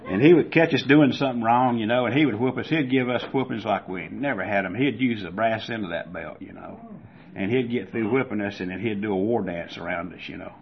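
A man's voice: on the low side, fairly quick, creaky, a little hiss or hum. An older man with a Southern US accent, from Georgia, gives a personal testimony at a recovery meeting, telling a folksy story and acting out the voices in it. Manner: folksy storyteller who acts out voices loudly. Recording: dull lo-fi recording.

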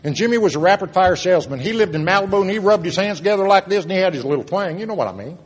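Husky man telling his story in a hall. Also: high voice, animated, very fast. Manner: storytelling, earnest, swings from loud to hushed. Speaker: speaker at a recovery meeting. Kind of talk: personal testimony talk. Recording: long reverb of a hall.

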